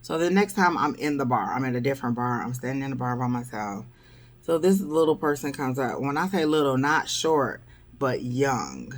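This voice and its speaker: A woman's voice: extremely low pitch, lively intonation, normal speed. A woman vlogger telling dating stories in a wry, blunt, exasperated way. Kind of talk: casual storytelling vlog.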